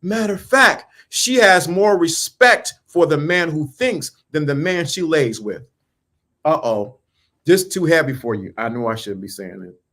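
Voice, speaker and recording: A man's voice: a little high, animated, unhurried, a bit bright. A man giving a motivational talk about mindset and dating, in emphatic, repetitive, preaching style with casual slang and questions thrown at the listener. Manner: emphatic, repeats lines, asks the listener questions.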